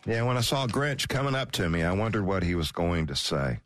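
Animated sports radio host. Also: male voice, deep voice, fairly quick. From Georgia, US. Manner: animated, wry, chatty. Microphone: studio mic.

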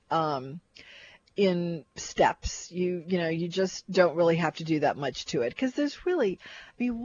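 A woman's voice: lowish voice, husky, no room sound. Chatty older woman, dull lo-fi sound. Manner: chatty, rambling, restarts often. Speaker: co-host. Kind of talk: casual chat about food. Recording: dull lo-fi recording.

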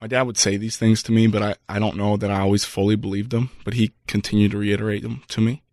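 Earnest, halting man with a low voice. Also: little pitch movement, darkish tone, dry recording, studio quality. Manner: earnest, halting with repeated restarts. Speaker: guest. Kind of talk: reflective storytelling in conversation.

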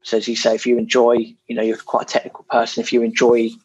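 A man's voice: medium pitch, completely flat delivery, quick pace, breathy edge, dry recording, highs cut off. A man from England chatting casually as a property investor guest, frank and self-deprecating, with plenty of fillers. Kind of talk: casual podcast chat.

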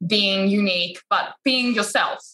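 A woman chatting casually about her photography business, animated and full of filler words. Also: mid-range voice, measured pace, slight background noise, low-quality recording. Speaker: wedding photographer, podcast guest. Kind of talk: casual podcast chat.

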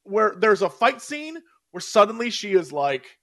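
Casting: man with a high voice, casual co-host, meandering delivery full of fillers. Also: very animated, unhurried, bright, forceful tone. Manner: rambling, searching for words, many fillers. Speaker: podcast co-host. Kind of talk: casual chat.

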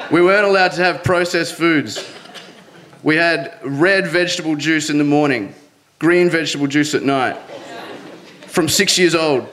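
A man's voice: fairly high pitch, a bit bright, a little hiss or hum. A young man telling a personal story to an audience in an earnest way, often breaking into nervous laughs.

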